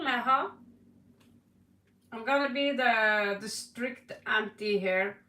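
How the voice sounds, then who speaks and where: Slow and a little high, a woman's bright, forceful voice carries through a live tarot reading. The reader, from Norway, chats, laughs a lot, and addresses viewers by name, recorded with a distant mic in an echoey room.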